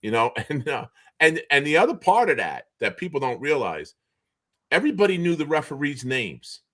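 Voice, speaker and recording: A middle-aged man with a Boston accent, a guest on a video call, tells stories in casual chat. His voice is fairly high and moves at a normal speed, and he animates the tale by acting out the voices of the people he quotes.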